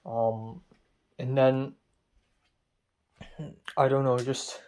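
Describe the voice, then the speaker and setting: A man's voice: medium pitch, level tone, extremely slow, a little mellow. A young man talking straight to camera in a casual vlog, ranting with frustration and swearing freely. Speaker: vlogger.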